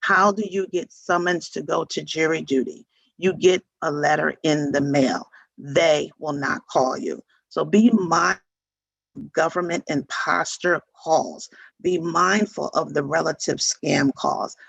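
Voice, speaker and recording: A man's voice: fairly high pitch, steady tone, measured pace, gravelly, fairly bright tone, breathy edge, no room sound, low-quality recording. A man presenting a scam-prevention seminar to seniors. He speaks earnestly and repeats words for emphasis. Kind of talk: informational talk to seniors.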